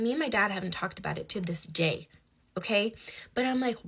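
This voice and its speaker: A young woman tells a personal story in casual conversation, animated and swinging between hushed asides and loud outbursts. Her mid-range voice is husky with vocal fry, and she talks a little fast.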